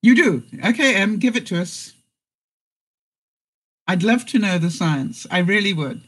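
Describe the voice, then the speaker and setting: Husky-voiced woman chatting on a live stream. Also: mid-range voice, lively intonation, measured pace, rough recording. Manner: chatty, laughs often, reads jokes and viewer comments aloud. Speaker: vlogger hosting a live stream. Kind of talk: casual live-stream chat.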